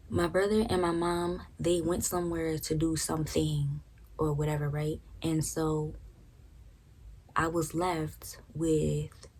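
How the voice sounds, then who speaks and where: A woman's voice: sits low, darkish tone, husky. A young woman casually telling a personal story, frank and profane, often checking in with "right?". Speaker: storytime vlogger.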